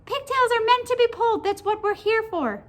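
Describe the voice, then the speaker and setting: A woman's voice: extremely high pitch, lively intonation, moderate pace, pitched above the performer's own voice. A woman voicing a cheeky talking pigtail that keeps coaxing and whining in a storybook reading. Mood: wheedling. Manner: wheedling, coaxing. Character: cheeky pestering talking pigtail, small and squeaky.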